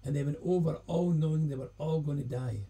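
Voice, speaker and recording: A Scottish singer-songwriter chatting casually on a live stream between songs, rambling and self-deprecating. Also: male voice, a little high, a little fast, dark tone, husky. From Scotland.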